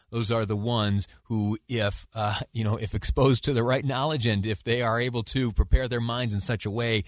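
A man hosting a call-in radio show, talking in a halting way with frequent restarts. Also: on the low side, no room sound, studio quality. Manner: halting, many restarts, laughs easily. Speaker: radio talk show host.

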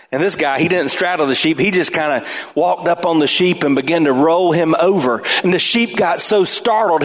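A man pastor preaching a sermon in an animated way, his voice climbing toward near shouts at times. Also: high-pitched.

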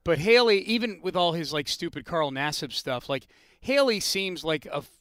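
Sports talk host, male, chatty and opinionated, crisp and slightly raised voice. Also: on the high side, animated, a bit bright, no echo, clean studio sound. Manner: chatty, opinionated, quick follow-up questions.

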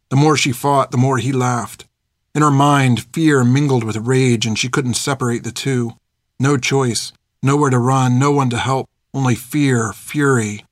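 A man's voice: medium pitch, no room sound. Man narrating in a dry, close voice. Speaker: audiobook narrator. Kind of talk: scripted narration.

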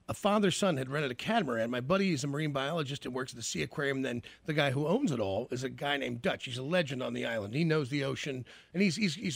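A man's voice: medium pitch, gravelly, no echo. A male radio host telling a story in a casual, rambling way, trailing off and starting over.

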